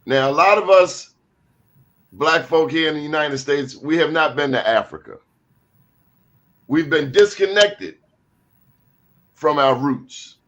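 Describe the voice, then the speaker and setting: Man, talk show host, fairly high pitch, animated, emphatic, preachy asides. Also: takes it slowly, long pauses.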